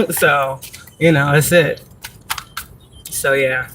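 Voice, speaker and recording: A woman vlogging from a parked car in a casual, rambling monologue, profane and animated, laughing often as she tells stories. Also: low-pitched, drawn-out words. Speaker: spiritual reader and vlogger.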